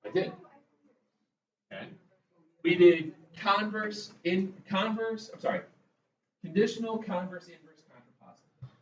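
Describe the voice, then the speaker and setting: In a roomy classroom, a man who teaches math chats casually through his lecture and shares stories with the class. His voice is high and unhurried with many pauses, sounding dull and far away, with a little hiss or hum on a distant mic.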